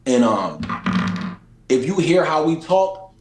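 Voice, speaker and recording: A man from Philadelphia with a Philadelphia accent, an interview guest in casual chat, animated and slangy, repeating phrases for emphasis. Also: on the high side, slow, reverberant, a little hiss or hum, rough recording. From Philadelphia, USA.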